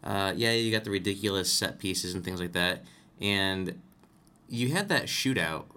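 A man with a deep voice, lively intonation, and a bright, forceful tone speaks unhurriedly. He co-hosts a podcast in a casual film discussion, rambling, self-correcting, and laughing easily.

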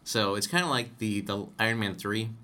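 Podcast co-host, male, lowish bright voice, rambling casual movie talk. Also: moderate pace. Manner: rambling, self-correcting, chuckles while explaining. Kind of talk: casual film discussion.

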